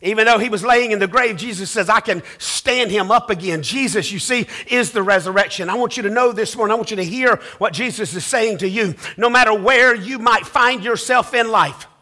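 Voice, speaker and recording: Male pastor, very high bright voice, sermon that swells into shouting. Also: fairly quick, hardly any pauses. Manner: building to shouted preaching, repeats phrases.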